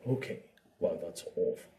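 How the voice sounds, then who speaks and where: A man's voice: moderate pace, dark tone. A man giving an informal talk on meditation. He acts out inner thoughts and repeats words to make his points. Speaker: meditation teacher. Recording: distant mic with faint ambient noise.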